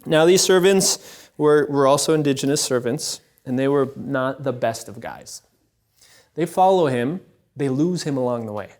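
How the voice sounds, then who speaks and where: A man's voice: mid-range voice, normal speed. Man telling a sacred story, conversational. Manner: conversational, animated, asks "right?" often. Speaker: speaker at a Catholic event. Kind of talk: storytelling talk.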